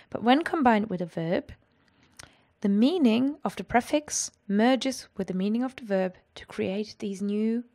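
A woman teaching a language lesson, explaining clearly and with lively energy. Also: medium pitch.

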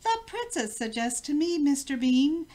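An older woman voicing a flustered, excitable fairy-tale queen in a read-aloud picture book, with a shrill, exclaiming manner. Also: moderate pace. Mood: instructive.

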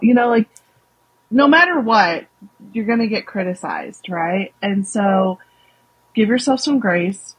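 A woman's voice: mid-range voice, moderate pace, breathy edge, low-quality recording. A young woman with a Southern US accent, a guest speaking candidly and animatedly in a casual interview. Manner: candid, animated, many fillers.

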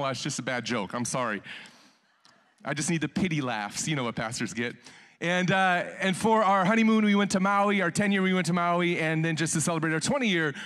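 A man in his forties preaches as a guest pastor, energetic and full of jokes for the congregation. His voice sits high for a man. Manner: joking, energetic preacher working the crowd. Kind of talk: sermon. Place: church sanctuary.

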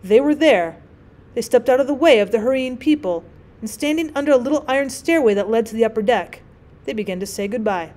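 A woman teacher narrating a classic short story as an audiobook, with clear, measured storytelling. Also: a little high, expressive. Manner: clear, measured storytelling with gentle voices for characters.

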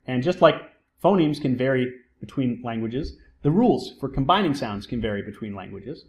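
A man at a mid-range pitch delivers a lecture in a steady explanatory way. He keeps checking in with "right?" and poses questions that he answers himself. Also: normal speed, lo-fi sound. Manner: explanatory, often asks and answers his own questions. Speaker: psychology instructor.

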